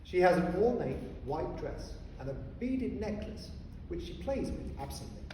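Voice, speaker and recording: A man reading a storybook, animated. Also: sits high, unhurried, far from the mic. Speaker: narrator reading a children's story. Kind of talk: storybook narration. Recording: echoey hall, voice heard from afar, faint noise.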